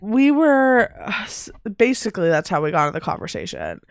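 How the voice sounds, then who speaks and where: A woman's voice: medium pitch, huge pitch swings, a little fast, smooth, no room sound, studio quality. Tearful woman in her thirties on a podcast. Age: 30s. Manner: emotional and teary, laughing and sniffling between words. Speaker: podcast co-host. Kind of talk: casual chat.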